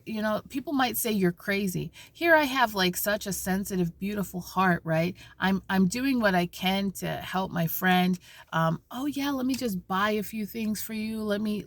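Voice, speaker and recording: A woman vlogging from a parked car, telling a story in an animated, conversational way with many restarts and asides. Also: mid-range voice, no echo. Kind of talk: casual spiritual vlog talk.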